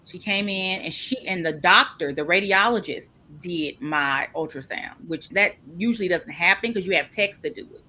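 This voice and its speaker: A woman telling a personal story in an interview, lively and expressive, acting out the people she quotes. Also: moderate pace, hardly any pauses. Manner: animated, acts out quoted people with big pitch jumps. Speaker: podcast guest.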